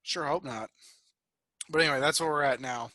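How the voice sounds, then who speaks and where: A man's voice: medium pitch, normal speed, bright, forceful tone, no room sound. A man in his twenties co-hosting a podcast over a video call, rambling casually and swearing freely. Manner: loose, profane, rambling storytelling. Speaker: podcast co-host. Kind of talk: casual chat.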